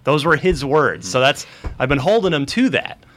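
A man hosting a casual gaming podcast, telling stories in an animated way and acting out quotes. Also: fairly high pitch, moderate pace, a little hiss or hum. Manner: animated, storytelling with acted quotes. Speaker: podcast host. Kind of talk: casual panel chat.

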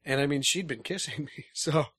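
Hoarse man co-host, joking gaming chat, dry sound. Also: fairly high pitch, brisk, a bit bright, no room sound. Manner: joking, playful. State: hoarse from being sick. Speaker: podcast co-host. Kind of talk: casual gaming podcast chat.

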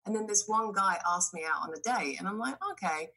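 Woman, bright voice, animated storyteller, casual podcast chat, swears and laughs freely. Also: mid-range voice, a little fast, slightly rough. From Britain. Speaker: guest.

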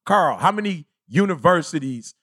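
A man's voice: a little high, lively intonation, normal speed, fairly bright tone, no echo, clean studio sound. A man hosting a casual podcast as a life coach, talking emphatically and preachily, repeating himself and calling his friends "bruh".

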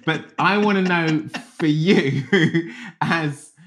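A podcast host who interviews a guest warmly and encouragingly and also reads a sponsor message. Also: medium pitch, extremely slow, slight background noise. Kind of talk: interview and ad read.

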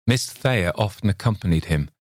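Deep-voiced man reading a story aloud. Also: no room sound, clean studio sound. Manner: measured, steady storytelling. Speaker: reader. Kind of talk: audiobook narration.

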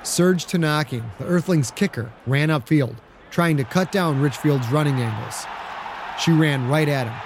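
A man narrating an audiobook in a steady, dramatic storytelling manner. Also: fairly high pitch, moderate pace, noisy background. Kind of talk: scripted narration.

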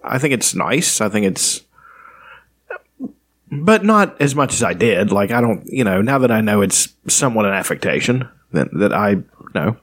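A man's voice: fairly low pitch, sing-song, normal speed, fairly bright tone. A man co-hosting a casual podcast chat, talking loosely with restarts. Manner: chatty, prone to restarts and voice impressions. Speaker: podcast co-host.

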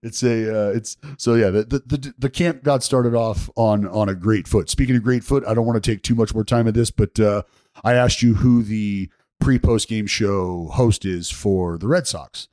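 A man's voice: fairly low pitch, normal speed, darkish tone, no room sound, studio quality. A man hosting a casual podcast, telling stories with profanity and playful ribbing. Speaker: podcast host. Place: hotel bathroom.

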